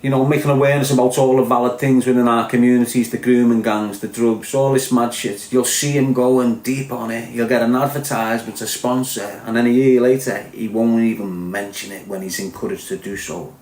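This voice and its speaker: A man's voice: medium pitch, fairly even intonation, fairly quick, few pauses, darkish tone. Impassioned Liverpool man in echoey room. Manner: impassioned, blunt, sweary. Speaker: podcast host. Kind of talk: ranting podcast monologue.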